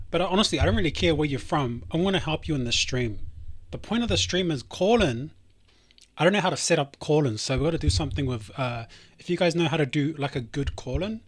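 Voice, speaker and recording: A man hosting a live stream, chatting casually in a rambling way that keeps breaking off and restarting. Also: on the high side. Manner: rambling, self-interrupting.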